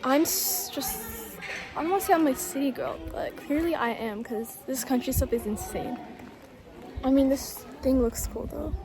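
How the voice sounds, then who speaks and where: A woman's voice: high-pitched, normal speed. A young woman chatting to her phone camera outdoors in a casual travel vlog, playfully dramatic and full of "like". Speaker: travel vlogger. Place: outdoors in the countryside. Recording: noisy outdoor ambience.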